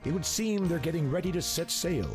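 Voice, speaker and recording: An actor voicing the narrator of an adventure game, reading in a measured, descriptive way. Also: male voice, a little high, animated, over music, lightly acted. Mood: calm. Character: adult male game narrator, calm. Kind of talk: scripted narration.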